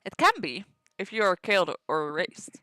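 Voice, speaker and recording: A woman's voice: fairly low pitch, animated, pushed and bright, no echo, studio quality. Woman reading as an old dead witch elder. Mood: solemn. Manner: formal, measured speech. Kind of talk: reading game dialogue aloud.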